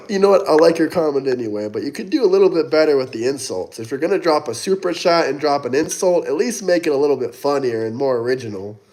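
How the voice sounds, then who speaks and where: A sweaty livestream host reads super chats aloud and mockingly taunts commenters, coughing now and then. He talks quickly in a fairly high, expressive, slightly mellow voice.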